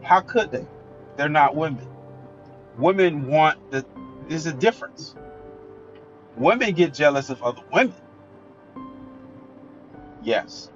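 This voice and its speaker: A man's voice: fairly high pitch, expressive, slow, long pauses. A man giving a blunt, emphatic, opinionated solo monologue as a commentator. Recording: dull lo-fi recording with faint music.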